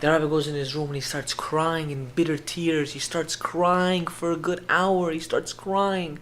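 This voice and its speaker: A man, a rabbi, telling a story in an emotional sermon. He swings from hushed tones to loud, urgent speech and repeats phrases for emphasis. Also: fairly high pitch, flat delivery, unhurried, slight background noise. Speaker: rabbi giving an inspirational talk.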